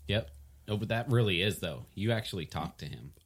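Deep-voiced man trading dry one-liners. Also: animated, fairly quick, slight background noise. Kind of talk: casual chat.

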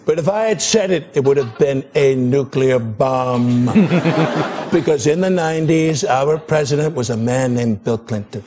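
A man's voice: medium pitch, measured pace, background noise, lightly acted. An actor playing a boastful, rambling male tycoon politician in a live TV comedy sketch, with audience laughter around him. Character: bragging blustery male tycoon politician, middle-aged. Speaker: debate candidate in a sketch.

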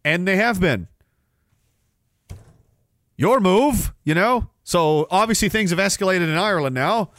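A man's voice: high-pitched, expressive, measured pace, long pauses, fairly bright tone, no echo, clean studio sound. A man hosting a podcast, delivering rambling political commentary in a sarcastic, profane way. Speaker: podcast host. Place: Canada.

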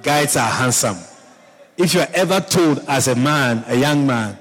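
A man's voice: medium pitch, animated, moderate pace, fairly bright tone, big-room sound. A male pastor preaching a sermon, repeating phrases and often checking in with his congregation. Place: church.

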